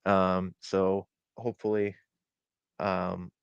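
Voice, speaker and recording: A man with a stuffy, nasal cold voice hosts a relaxed chat, his voice lower than most and smooth. The sound is dry and a little dull, as if from a modest desk setup on a live stream. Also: slow pace, dry recording. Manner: laid-back, swearing, lots of fillers. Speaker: podcast host. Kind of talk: casual chat. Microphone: webcam or desk mic on a live stream.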